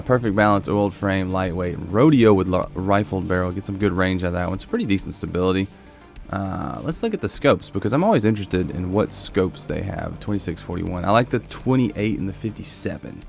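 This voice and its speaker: A man with a very low, gravelly voice chats casually over gameplay, thinking aloud as he goes. His delivery is relaxed and unhurried. Soft music plays faintly underneath. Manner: relaxed, musing, thinks aloud while browsing weapons. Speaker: gaming video host.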